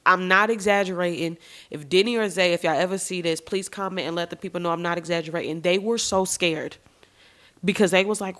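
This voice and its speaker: A woman hosts her own podcast and tells a deeply personal story in a frank, expressive way. She talks straight to her listeners, drops curse words casually, and her voice sits a little lower than most women's. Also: brisk. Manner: swears casually. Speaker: podcast host. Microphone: podcast microphone.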